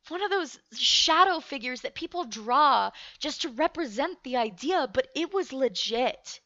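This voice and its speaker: A young woman telling a frightening personal story in casual talk, halting and shaky, swearing freely. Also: high voice, animated, bright, forceful tone, no room sound. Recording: muffled dry recording.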